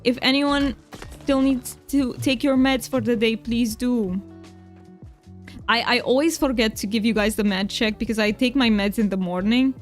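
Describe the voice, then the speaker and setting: A woman's voice: a little high, steady tone, normal speed, faint music behind. A woman from Romania chatting with viewers while she streams a game. She plays up her Romanian accent for fun, talks kindly to chat and laughs easily. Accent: Romanian, played up for fun. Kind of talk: casual live-stream chat while gaming.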